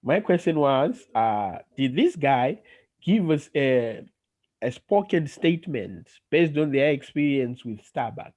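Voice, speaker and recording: Mellow-voiced man teaching a class. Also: medium pitch, lively intonation, slow. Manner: questioning, explains terms with many okays. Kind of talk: online class discussion.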